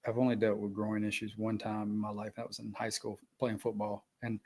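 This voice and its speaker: A man's voice: fairly low pitch, monotone, a little fast, mellow. A man hosting a casual podcast, easygoing and asking questions. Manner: easygoing, asks questions, laughs along. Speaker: podcast host.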